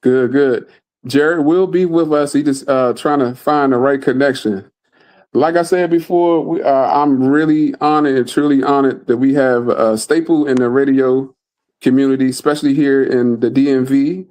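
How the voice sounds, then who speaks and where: A man's voice: medium pitch, fairly even intonation, moderate pace, a little mellow. Male podcast host, casual and enthusiastic, mid-range voice, remote call. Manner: enthusiastic, repeats words and phrases. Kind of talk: casual chat.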